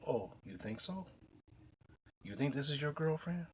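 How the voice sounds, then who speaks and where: A man's voice: fairly high pitch, lively intonation, a little slow, slight background noise, pitched above the performer's own voice. A man doing a hostile guy at the door. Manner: confrontational, challenging.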